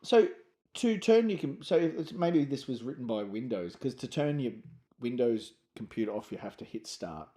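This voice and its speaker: A mellow-voiced man co-hosting a comedy podcast, teasing and laughing easily. His pitch moves a lot, rising for jokes and sinking into quiet mumbled asides. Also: expressive, moderate pace. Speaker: podcast co-host. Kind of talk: joking casual chat.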